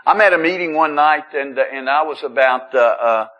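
A man's voice: fairly high pitch, moderate pace, lo-fi sound. A middle-aged man speaking at a recovery meeting, telling his story in a casual, humorous way, often stammering and restarting. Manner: conversational storytelling with self-deprecating humor. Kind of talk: personal testimony talk. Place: meeting room.

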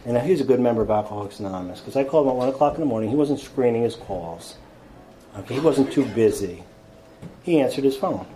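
A man telling his own recovery story to an audience in a rambling, self-deprecating way, full of restarts and quick impressions of other people. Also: medium pitch, animated, warm tone, poor audio. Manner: acts out others with quick quoted voices. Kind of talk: personal recovery talk to an audience.

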